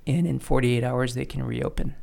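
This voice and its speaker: This podcast host has a medium-pitched, warm voice with vocal fry, a fairly even intonation, and a moderate pace. Chatting casually in the studio, he lays out his opinions at length and frequently restarts.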